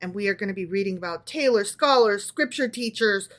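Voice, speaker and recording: A woman's voice: medium pitch, expressive, fairly quick, fairly bright tone. A woman co-hosting a casual book club podcast, reading stories aloud and often checking in with her listener.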